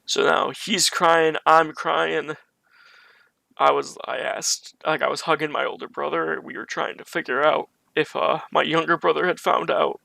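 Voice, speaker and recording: Gravelly, flat-voiced man telling a story. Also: a little high, normal speed, hardly any pauses. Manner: rambling, conversational retelling with restarts. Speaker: streamer. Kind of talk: casual storytelling on a live stream. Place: his bedroom at home.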